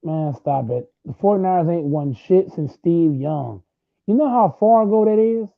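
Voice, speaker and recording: A young man in his late twenties argues football with loud, repeating trash talk. His voice sits high and gravelly. The sound is thin and tinny, like a phone line. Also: expressive, moderate pace, dry recording. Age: late 20s. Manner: loud, repetitive, trash-talking. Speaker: host. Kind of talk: heated casual sports argument.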